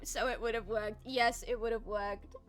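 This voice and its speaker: Young woman, high clear voice, lively self-mocking storyteller, faint music behind. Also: normal speed. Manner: animated storyteller, laughs often, self-mocking. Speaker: art streamer. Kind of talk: casual chat with stream viewers.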